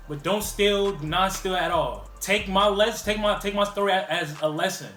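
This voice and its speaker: Guy doing a storytime vlog, high voice, talks super fast, says like a lot, echoey room with music low behind. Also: sharp tone. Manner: rambling, heavy use of "like" fillers. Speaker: vlogger. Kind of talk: casual storytime.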